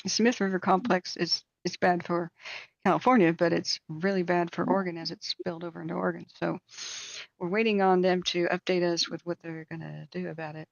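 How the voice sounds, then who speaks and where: A woman with a fairly low voice hosts a live stream and tells meandering stories full of ums and restarts. The sound is dry and close, with a dull, lo-fi edge. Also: fairly quick, creaky, dry recording. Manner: rambling, animated anecdotes with many fillers. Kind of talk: casual chat and storytelling.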